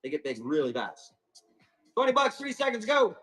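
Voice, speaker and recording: Guy hosting a live plant auction, bright high voice, bouncy, swears casually. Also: very animated, moderate pace, slightly rough, faint music behind, rough recording. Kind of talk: livestream sales chat.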